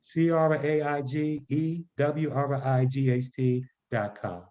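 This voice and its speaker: A man from Baltimore talks as a guest on a podcast, measured and deliberate. His voice is mellow and dark, and the recording sounds dull and lo-fi. His pitch sits in the middle. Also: steady tone. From Baltimore, Maryland. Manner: measured, spells out web addresses slowly. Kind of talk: podcast interview. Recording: dull lo-fi audio.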